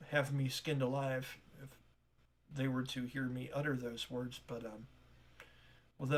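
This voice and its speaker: Man voicing a hesitant, polite shop clerk woman. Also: medium pitch. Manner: hesitant, soft-spoken, many "um"s.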